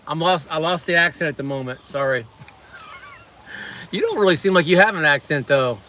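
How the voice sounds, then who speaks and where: A man's voice: a little high, expressive, a little fast, bright, forceful tone, a little hiss or hum. A middle-aged man casually chatting on a livestream, rambling as he reviews snacks and reads out viewer comments. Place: on lunch break at a waterfront work site.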